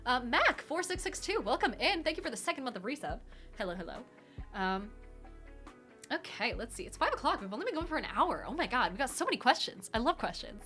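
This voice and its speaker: Woman livestreamer talking super fast and rambly, bright tone, tabletop advice chat. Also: sits high, sing-song, faint music behind. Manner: talks very fast, rambling with fillers. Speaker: livestream host answering tabletop game questions. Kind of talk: casual chat.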